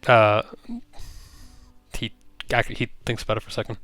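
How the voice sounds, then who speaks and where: A man narrating a tabletop role-playing game as game master, describing scenes with many pauses. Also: on the low side, level tone, a bit bright, dry recording, soft background music. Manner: descriptive, with frequent filler pauses.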